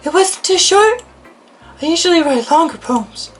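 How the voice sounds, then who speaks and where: A man voicing a shy, formal teenage girl bookworm in a high, breathy put-on voice, speaking gently and thoughtfully. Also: animated, normal speed, soft background music. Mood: flustered, shy. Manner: gentle, thoughtful, a little hesitant.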